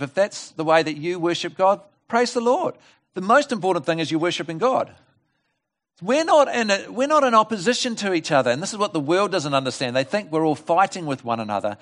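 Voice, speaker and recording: A man preaching a lively, conversational sermon at a church service, often asking the congregation questions. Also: a little high. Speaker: guest preacher.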